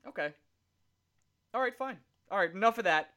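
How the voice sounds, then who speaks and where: Bright, lively man chiming in on sports. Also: sits high. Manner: agreeable, quick reactions, laughs along. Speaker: podcast co-host. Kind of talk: casual sports chat.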